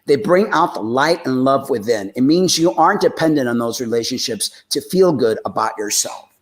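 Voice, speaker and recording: A man hosting a live spiritual talk show, preaching emphatically in a rambling, casual way with many restarts and reading out listener comments. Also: medium pitch.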